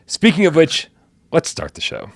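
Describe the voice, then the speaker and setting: A man co-hosting a live gaming show, his pitch swinging up and down as he jokes around. The sound is dry and close, with no room around it. He often lets his lines trail off into a mumble. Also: normal speed, gravelly, no room sound. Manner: jokey, animated, trails off into mumbles. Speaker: podcast co-host. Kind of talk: casual live-stream banter.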